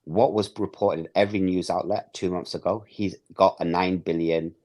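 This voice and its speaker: A man hosts a casual football podcast, speaking emphatically, swearing and acting out what other people would say. His voice is low and darkish, with fairly even intonation at a moderate pace.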